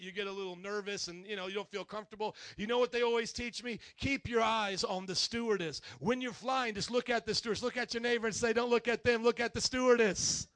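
Male pastor, high voice, dry recording; lively sermon with call-and-response. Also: no echo. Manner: animated storytelling, bursts into loud delivery.

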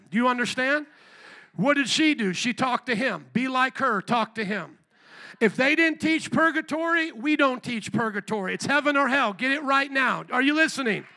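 Male pastor, very high, bright and forceful voice, preaching with pointed rhetorical questions. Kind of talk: sermon.

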